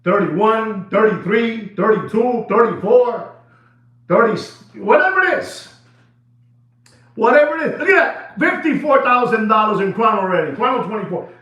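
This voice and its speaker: A man dealing in watches, ranting excitedly to camera in casual talk, repeating himself and dropping into Spanish phrases. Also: sits high, moderate pace. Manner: animated, repetitive, switches into Spanish phrases. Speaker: watch dealer. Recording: echoey room, dull lo-fi sound.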